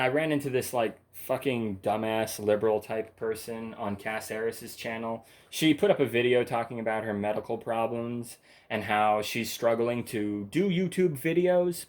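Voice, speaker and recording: A man rants on his own in a loose, meandering monologue. He swears freely and bluntly, jumping from one gripe to the next with short laughs in between. His voice sits at an ordinary middle pitch. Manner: profane, blunt and rambling. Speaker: channel host. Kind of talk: rambling ranting monologue.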